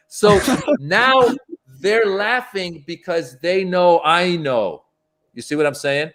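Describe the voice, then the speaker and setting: Animated male stand-up comedian telling stories. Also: sits high, slow pace. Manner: animated, acts out voices in his anecdotes. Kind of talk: casual storytelling interview.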